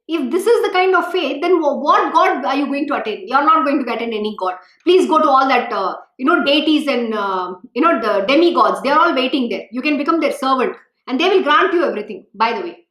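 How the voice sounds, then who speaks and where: High-voiced woman scolding devotees. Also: expressive, a little fast, hardly any pauses, fairly bright tone, roomy sound. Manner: scolding, emphatic, rhetorical questions. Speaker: spiritual teacher. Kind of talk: devotional talk.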